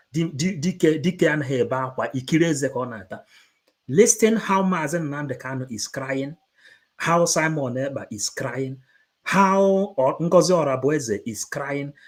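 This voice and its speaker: A man preaching to supporters, emphatic and repetitive, moving between English and Igbo. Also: fairly high pitch. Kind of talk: impassioned preaching.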